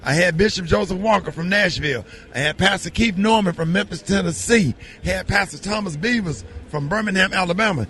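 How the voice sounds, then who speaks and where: Excited man hosting radio. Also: high-pitched, brisk, few pauses. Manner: excited and upbeat. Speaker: radio show host. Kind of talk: lively morning radio talk. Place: outdoors at a charity mission.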